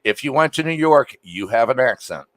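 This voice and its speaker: A man's voice: medium pitch, expressive, normal speed, no room sound. A man from Pennsylvania in a casual live chat, bantering bluntly and swearing.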